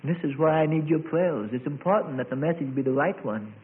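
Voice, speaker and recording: Man preaching, dramatic swells and hushes, lively pitch, narrow tinny sound. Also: fairly quick. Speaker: pastor. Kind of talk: sermon.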